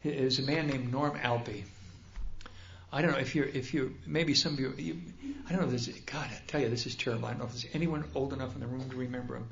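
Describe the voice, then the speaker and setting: An older man, a speaker at a recovery convention, tells his personal story in a humorous, self-deprecating and animated way. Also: medium pitch, quick pace, gravelly, slight background noise. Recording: dull, roomy hall recording.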